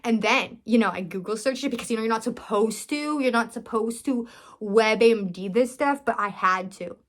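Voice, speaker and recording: A woman's voice: on the high side, normal speed. A young woman vlogger talking earnestly and emotionally to her viewers, rambling with restarts. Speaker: vlogger and business owner. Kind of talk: casual heartfelt talk to camera.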